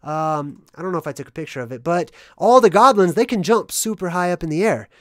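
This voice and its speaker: A movie analysis vlogger rambles through a casual monologue explaining hidden meanings, speaking a little fast at a medium pitch and tacking "right?" onto every point. Her voice swings between loud, excited bursts and mumbled asides. The recording is close and dry, with no room echo.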